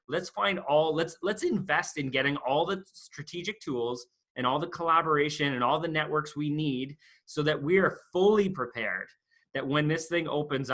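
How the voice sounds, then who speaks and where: A man's voice: on the high side, pushed and bright. A man who works as an accountant, a guest on a podcast, explaining business strategy in an upbeat, motivational way. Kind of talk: casual podcast conversation.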